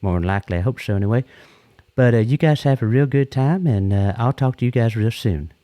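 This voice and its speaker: A man's voice: mid-range voice, a little fast, mellow, no echo. Rambling folksy man calling in. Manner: folksy, rambling, repeats and restarts himself. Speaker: caller. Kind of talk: rambling comedic anecdote.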